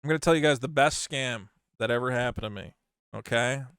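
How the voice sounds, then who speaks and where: A middle-aged man hosting a channel, frankly telling a story against himself in an animated way, often restarting his sentences. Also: medium pitch, brisk, smooth, dry recording, clean studio sound. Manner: animated, frank, self-mocking, with frequent restarts. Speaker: channel host. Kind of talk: casual storytelling monologue.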